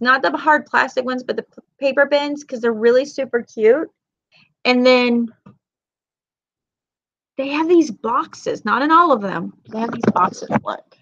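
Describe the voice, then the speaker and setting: On a dry recording with the top end missing, a woman with a slightly high voice, a mom who vlogs, livestreams in a chatty, rambling way. She spins animated tales in Southern colloquial speech and reads her viewers' comments.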